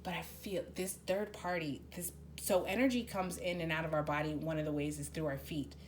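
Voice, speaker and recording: A woman's voice: low-pitched, steady tone, fairly quick, slight background noise. A woman doing a casual spoken tarot reading. She talks bluntly, swears freely and rambles with many restarts. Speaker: tarot reader.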